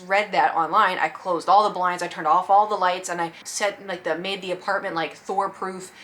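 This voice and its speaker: A woman's voice: lowish voice, steady tone, moderate pace, a bit bright, slight background noise. A woman vlogger telling a personal story in a casual, chatty way, full of "like" and "you know".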